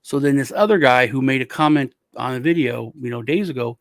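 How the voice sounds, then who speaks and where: A man, hosting a crypto show, telling stories in a casual, animated way with lots of swearing. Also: mid-range voice, brisk, dry recording, clean studio sound. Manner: animated, profane ranting storyteller. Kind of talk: casual chat.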